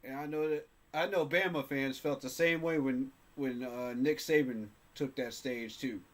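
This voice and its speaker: A man's voice: medium pitch, steady tone, normal speed. A man hosting a sports fan channel, talking casually to camera in a passionate, emphatic way and repeating phrases for effect.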